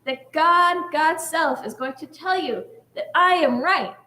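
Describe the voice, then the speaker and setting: Casting note: woman doing a defiant lone rabbi of old, high and insistent, slow emphatic claims, echoey sanctuary. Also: bright, forceful tone, heavily acted. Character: stubborn lone male ancient rabbi, defiant.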